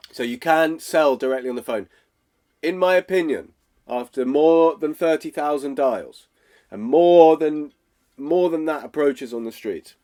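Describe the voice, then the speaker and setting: A man's voice: medium pitch, a little mellow. Guy teaching cold calling, straight to the point, keeps saying okay. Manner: direct, acts out phone calls, checks in with "okay?". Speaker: sales coach. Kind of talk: casual teaching monologue.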